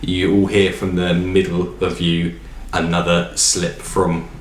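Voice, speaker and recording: A man narrating a tabletop game as dungeon master, in a relaxed, rambling way with fillers. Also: low voice, slow, reverberant, slight background noise.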